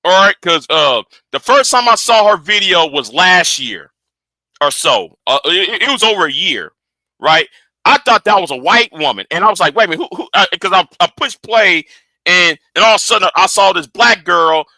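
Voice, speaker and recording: A man hosting a live stream, reacting to clips in excitable commentary and repeating words as he builds a point. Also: high voice, moderate pace, no echo.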